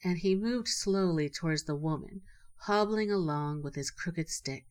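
A woman with a fairly low voice narrating a folk tale. She reads in a measured, expressive storybook manner.

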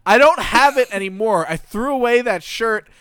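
A man's voice: very high voice, expressive, normal speed, fairly bright tone, slight background noise. A man chatting casually on a podcast, loose and self-mocking, laughing as he talks. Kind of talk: casual chat.

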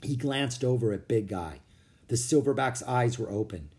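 A man's voice: medium pitch, lively intonation, moderate pace, a little mellow. Man reading a storybook aloud. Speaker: narrator. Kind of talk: storybook narration.

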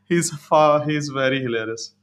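A man with a fairly high speaking voice, chatting casually on a podcast. He tells stories in an animated way and breaks into laughter often. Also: moderate pace, a little hiss or hum. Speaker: podcast co-host. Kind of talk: casual chat.

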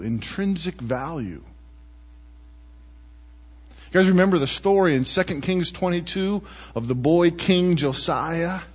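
A man preaching a sermon in a relaxed, conversational way, often tossing in rhetorical questions to the congregation. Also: a little high, slightly rough, big-room sound, highs cut off. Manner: chatty, asks rhetorical "right?" often. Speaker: pastor.

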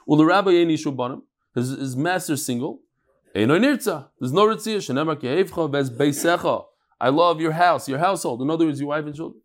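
A man teaching a live daily Talmud class, talking quickly and animatedly, with frequent restarts and Hebrew terms. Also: on the high side.

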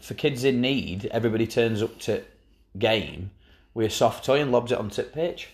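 A man hosting a casual podcast chat, ribbing his co-host with dry sarcasm and the odd swear word. His voice sits at an ordinary mid pitch. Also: expressive, moderate pace. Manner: teasing, sardonic banter with swearing.

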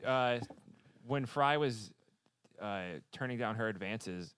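A man co-hosting a casual podcast, trading quick banter and laughing often. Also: mid-range voice, a bit bright, clear, resonant tone, dry recording, studio quality. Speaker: podcast co-host.

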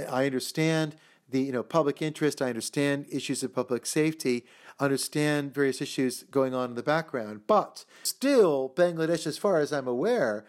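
Male interview guest, fairly high voice, animated and rambling, mock-quotes others. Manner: many fillers and restarts. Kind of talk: conversational interview answers.

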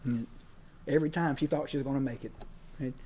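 Casting: male preacher, mid-pitched, chatty and unpolished, leans on "you know", tells homespun stories. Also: steady tone, quick pace, darkish tone, slight background noise. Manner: conversational, many fillers, gets emotional. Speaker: preacher and PE teacher. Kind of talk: sermon.

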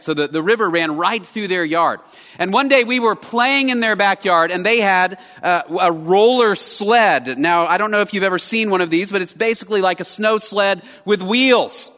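A man preaches a sermon in an earnest, conversational storytelling manner. His voice sits high and bright. It rings out in a church hall with a long, lingering reverb. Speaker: pastor. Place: church sanctuary.

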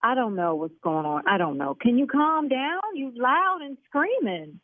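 A woman's voice: a little high, very animated, moderate pace, no echo. Brash woman on a tinny phone line. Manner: brash, gets loud and cursing. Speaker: salon owner taking a phone call. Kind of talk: heated phone argument. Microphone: telephone.

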